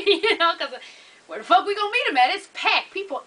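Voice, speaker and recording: A high-voiced woman tells a story fast and loose, swearing freely and acting out each person's lines. Her tone is bright and sharp, and she sits a little back from the mic. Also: far from the mic, poor audio. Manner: animated, profane, with vivid re-enacted dialogue. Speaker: vlogger telling a story. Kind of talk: casual storytelling.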